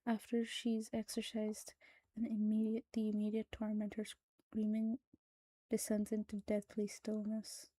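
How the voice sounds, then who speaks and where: A woman narrating a creepy horror story in a hushed, soft-spoken way that drops into whispers. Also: mid-range voice, completely flat delivery, measured pace, no room sound, low-quality recording. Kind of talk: scripted horror story reading.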